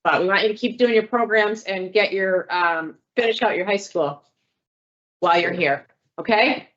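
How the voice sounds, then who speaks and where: A woman of middle pitch chairs a parole hearing, talking cases through with colleagues and reading formal motions in a matter-of-fact tone. The recording is dull and lo-fi. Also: normal speed, fairly bright tone. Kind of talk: official hearing deliberation.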